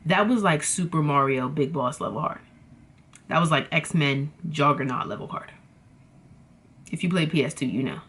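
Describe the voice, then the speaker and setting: A woman's voice: deep voice, normal speed, pauses often, husky. A young woman vlogger telling a storytime in a casual, dramatic, slangy way, talking straight to her viewers. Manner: animated, dramatic, slangy, addresses viewers as y'all.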